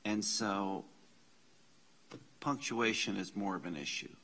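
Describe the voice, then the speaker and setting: A slow, deliberate man teaches Bible Greek in a church classroom, patiently parsing each word aloud. His voice is bright and a bit husky, and he sits somewhat low for a man. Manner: patient, spells out letters and parses words aloud. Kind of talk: classroom Bible-language lesson.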